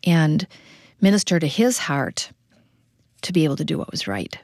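A woman who is a guest on an interview, the mother of the family, explaining events in a quick, earnest way. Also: low voice, sing-song, creaky, darkish tone, no room sound, studio quality. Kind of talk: personal testimony in a faith interview.

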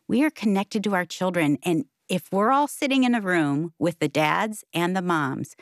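Older woman, low voice, animated storyteller, co-host; dry close sound, faint music bed. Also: moderate pace, no echo. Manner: animated storyteller, laughs often. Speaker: podcast co-host. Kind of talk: casual conversation.

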